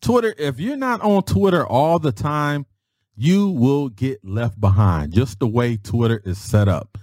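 A man hosting his own podcast, telling stories in a casual, animated way and peppering his speech with mild cuss-word substitutes. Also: measured pace, dry recording, clean studio sound. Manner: animated, swings his voice high for emphasis; peppers speech with "freaking" and "daggone". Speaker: podcast host. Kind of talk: casual storytelling.

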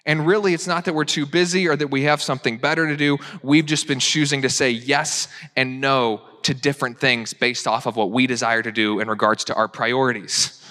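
A young adult man preaching a sermon, animated and acting out people's excuses in mock voices. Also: medium pitch, moderate pace. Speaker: pastor. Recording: long hall reverb.

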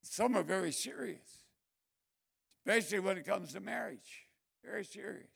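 An older man, a missionary preacher, telling stories in a sermon, moving from quiet asides to loud bursts. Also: high-pitched, normal speed, gravelly, breathy edge. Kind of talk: storytelling sermon.

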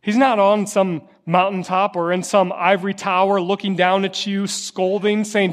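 A man's voice: high-pitched, little pitch movement, moderate pace, few pauses, in a large hall. A man preaching a sermon as a pastor, impassioned, with a rising and falling, repetitive cadence. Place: church sanctuary.

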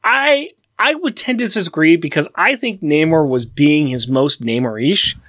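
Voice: medium pitch, lively intonation, moderate pace, a bit bright, no room sound. A podcast host leading casual chat in a playful, mock-formal way and running the show's segments.

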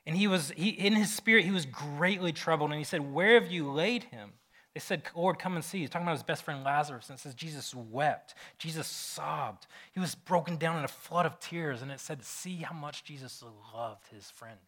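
A male pastor in his forties preaches in a loose, conversational way, tossing in asides and little laughs. His voice sits a touch high for a man and comes across bright and forceful. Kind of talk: sermon.

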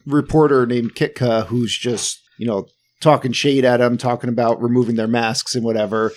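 A man's voice: medium pitch, fairly even intonation, normal speed, darkish tone. A man co-hosting a podcast, recapping a movie plot in casual chat with sarcastic asides. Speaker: podcast co-host.

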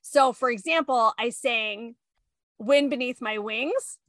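A woman in casual chat, telling family stories in an animated way and acting out quotes. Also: a little high, slow pace, dry recording. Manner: animated storyteller, acts out quotes.

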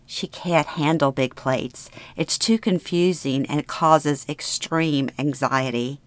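A middle-aged woman narrating a first-person memoir in a plain, steady storytelling manner. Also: sits low, slow pace, no echo.

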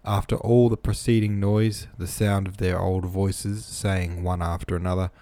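A man's voice: low voice, little pitch movement, moderate pace, warm tone, no echo. A man reading a novel aloud, plain with casual asides, close-miked in a small room. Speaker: reader.

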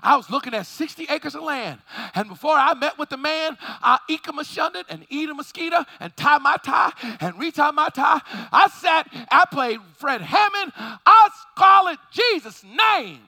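Preacher guy, really high bright voice, swings all over the place, shouts and works the crowd. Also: lively intonation, moderate pace, creaky. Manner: fervent preaching with shouted peaks and call-and-response. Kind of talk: sermon.

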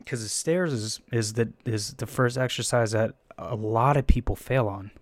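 A man's voice: mid-range voice, moderate pace, no echo. A young man from the Bay Area telling a story in a casual, rambling way, swearing often, laughing at himself and acting out his own panicked thoughts. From San Francisco Bay Area.

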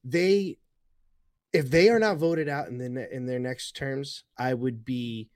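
A man's voice: mid-range voice, unhurried, dry recording. A man from New York in casual chat, ranting heatedly and swearing now and then.

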